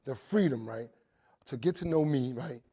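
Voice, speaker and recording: Husky man in his forties giving testimony. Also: medium pitch, moderate pace. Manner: animated storytelling, repeats "right?". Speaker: recovery speaker. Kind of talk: testimony talk to inmates.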